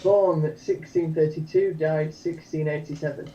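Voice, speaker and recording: Man, game player, mellow, eager, distant mic. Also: fairly high pitch, fairly even intonation, unhurried, highs cut off. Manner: eager, reads trivia aloud. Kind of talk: casual game chat. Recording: distant mic with faint noise.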